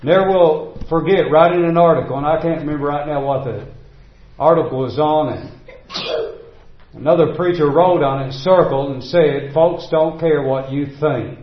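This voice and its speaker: A man's voice: a little high, moderate pace, roomy sound, lo-fi sound. A man preaching a sermon, reading scripture in old-fashioned wording and hammering home repeated refrains.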